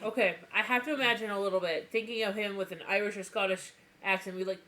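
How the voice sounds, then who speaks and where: A woman co-hosting a casual podcast chat, making quick sarcastic jokes. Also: medium pitch, fairly even intonation, sharp tone, low-quality recording. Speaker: podcast co-host.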